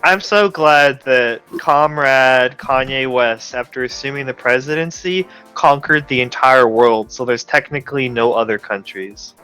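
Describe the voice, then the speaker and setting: A man's voice: mid-range voice, a little slow, hardly any pauses, clear, resonant tone, faint music behind, poor audio. A man co-hosting a casual gaming podcast, playful and joking. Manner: playful, animated, slips into mock accents. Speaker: podcast co-host. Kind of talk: casual chat about a tabletop game.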